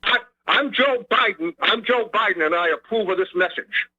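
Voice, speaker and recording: A man's voice: high voice, moderate pace, bright, forceful tone, exaggerated voice. A man on a phone call doing an impression of an older male presidential candidate with a Boston accent, rambling and scolding. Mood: testy. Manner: rambling, scolding, repeats himself. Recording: muffled phone line.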